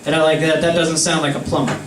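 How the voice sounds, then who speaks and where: A man's voice: on the high side, flat delivery, quick pace, a little hiss or hum. A young man swearing freely as he tells friends a rambling anecdote in a casual chat. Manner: profane, rambling storytelling. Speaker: storyteller among friends. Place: indoor room with friends. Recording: roomy, distant mic, faint ambience.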